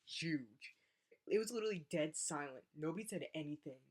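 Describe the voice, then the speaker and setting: Young woman, low voice, casual vlog storytelling, animated, acts out voices. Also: brisk, slightly rough. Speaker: college athlete.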